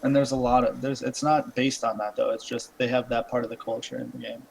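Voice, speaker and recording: A young man co-hosting a gaming podcast, talking in a laid-back, thoughtful, halting way. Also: medium pitch, level tone, vocal fry, a little hiss or hum, poor audio. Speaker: podcast co-host. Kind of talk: casual gaming chat.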